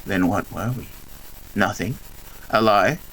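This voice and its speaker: A man's voice: slow pace, background noise. A man playing a bitter, accusing ghost. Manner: low, cold and accusing. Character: bitter ghost of a dead male lover. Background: game music.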